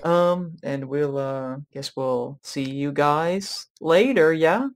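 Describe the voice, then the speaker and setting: A man's voice: a little high, slow. A man co-hosting a casual Q&A chat, joking around, laughing often and restarting his lines. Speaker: co-host of a Q&A chat.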